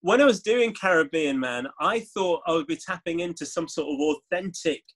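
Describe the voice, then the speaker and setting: A man, a guest author telling stories in an interview, animated and laughing often. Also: a little high, moderate pace. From Leeds, England. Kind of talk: interview conversation.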